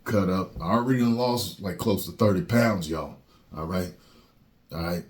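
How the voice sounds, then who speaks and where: Man with a very low voice, rambling reaction host. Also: normal speed. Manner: rambling, with many fillers and sudden loud rants. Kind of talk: casual reaction commentary.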